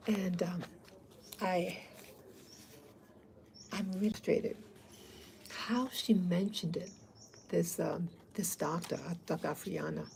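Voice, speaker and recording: A woman's voice: fairly low pitch, fairly even intonation, slow pace, long pauses, darkish tone, a little hiss or hum, low-quality recording. A woman talking casually to her viewers, rambling and hesitant with many fillers. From abroad, not from Africa. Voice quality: gravelly. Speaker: vlogger. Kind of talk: casual talk to camera.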